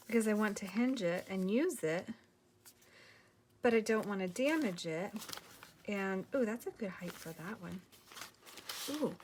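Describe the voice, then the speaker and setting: A tired woman hosting a crafting video, chatting casually and softly, at times dropping to a whisper as she works. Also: mid-range voice, slight background noise. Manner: soft-spoken, drifts into whispers while working.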